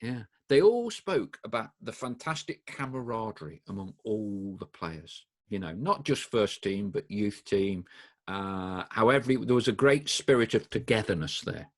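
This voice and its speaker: A man's voice: on the low side, lively intonation, moderate pace. A man hosting a podcast, asking questions in a hesitant way and listing names with plenty of fillers. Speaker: podcast host. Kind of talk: conversational interview questions.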